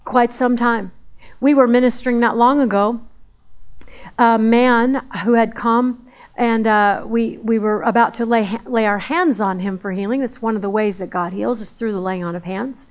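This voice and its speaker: A woman's voice: a little high, fairly even intonation, moderate pace. Woman preaching with conversational repetition. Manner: conversational, repeats phrases for emphasis. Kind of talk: sermon.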